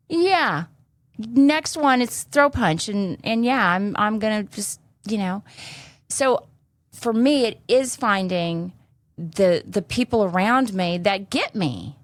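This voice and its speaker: A woman's voice: mid-range voice, animated, slow pace, dry recording. Blunt, salty-talking woman podcast host. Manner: blunt, salty, cusses freely. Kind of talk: candid casual chat.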